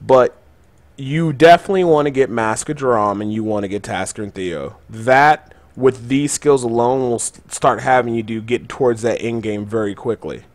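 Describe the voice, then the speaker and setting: A man's voice: medium pitch, moderate pace, no echo. A young man giving casual, chatty gameplay tutorial commentary, loose with fillers and gamer slang. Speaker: gaming channel host.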